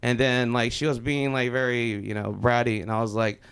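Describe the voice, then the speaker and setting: A man's voice: medium pitch, little pitch movement, moderate pace, fairly bright tone, smooth. A young man from Los Angeles doing a loose, rambling, profane open mic stand-up set in a small comedy club.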